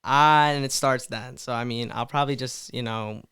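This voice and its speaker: A twenty-year-old man talking as a guest in a casual podcast interview, animated and rambling, often repeating words. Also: medium pitch, moderate pace, clean tone, no echo, studio quality. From Mid Michigan.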